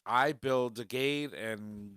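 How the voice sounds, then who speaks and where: A man's voice: mid-range voice, slow pace, a bit bright, clear, resonant tone, no room sound, studio quality. A man hosting a podcast, chatting in a playful, joking way. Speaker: podcast host. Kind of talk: casual chat.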